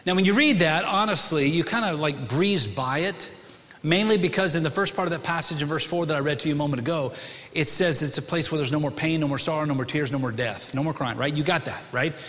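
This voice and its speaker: High-voiced middle-aged pastor preaching casually. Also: male voice, fast. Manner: conversational, animated, asks the congregation questions. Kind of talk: sermon. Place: church sanctuary. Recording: long hall reverb.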